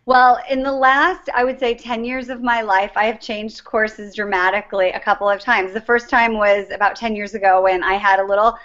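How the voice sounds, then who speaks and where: A woman's voice: medium pitch, little pitch movement, normal speed, few pauses, a bit bright. A middle-aged woman guest in an interview, telling her story in an earnest, reflective way. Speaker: guest, life coach. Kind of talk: interview conversation. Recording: dull lo-fi sound.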